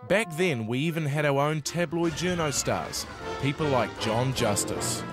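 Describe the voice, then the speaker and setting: A man's voice: mid-range voice, lively intonation, a little slow. A man giving scripted satirical documentary narration in a wry, ironic way. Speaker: narrator and presenter. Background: music.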